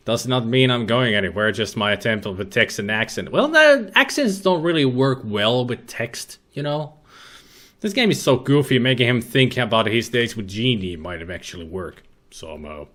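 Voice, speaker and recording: A man's voice: mid-range voice, animated, normal speed, fairly bright tone. A man commentating a retro adventure game, reading its text aloud with dry, sarcastic jokes. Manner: dry, jokey, sarcastic asides. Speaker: let's play commentator.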